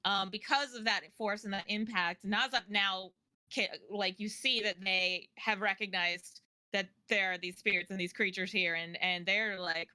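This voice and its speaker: A woman game master narrates a tabletop game in a casual, loose way. Her tone is bright. The recording is dry and close. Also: medium pitch, steady tone, normal speed, clean tone, no echo. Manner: casual, loose with fillers and restarts.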